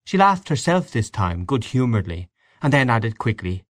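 A man narrating a classic story in a measured, expressive reading. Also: medium pitch, dry recording, clean studio sound.

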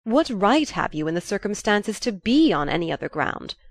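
A woman voicing a proud, irritable gentleman who speaks with irony and bluster. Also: medium pitch, very animated, moderate pace, no room sound, clean studio sound. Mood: bristling. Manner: ironic, blustering.

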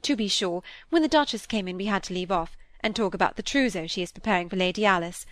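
A woman's voice: mid-range voice, fast, a bit bright, no echo, lightly acted. Gushing, name-dropping genteel lady voiced by a woman reader, storybook, dry close sound. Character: chattering genteel middle-aged woman, pleased with herself.

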